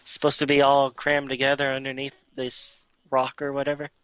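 A man talks casually on a podcast and retells a comic story in a rambling way, full of fillers and restarts. His voice is bright and forward, and it sounds dry and close. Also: mid-range voice, monotone, moderate pace, clean tone, no room sound. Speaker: podcast co-host. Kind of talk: casual chat recapping a comic.

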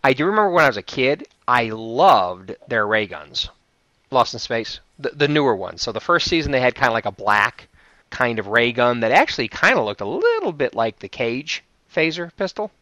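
Chatty guy with a bright edge, rambles and laughs a lot, dry close sound. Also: medium pitch, big pitch swings, moderate pace, dry recording, dull audio. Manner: rambling, laughs often, trails off. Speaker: podcast co-host. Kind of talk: casual chat.

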